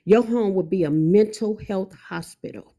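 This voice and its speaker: Angry, gravelly-voiced woman on a livestream. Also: mid-range voice, moderate pace, warm tone. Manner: blunt, angry, cutting. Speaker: guest mother on a livestream. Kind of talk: heated livestream talk.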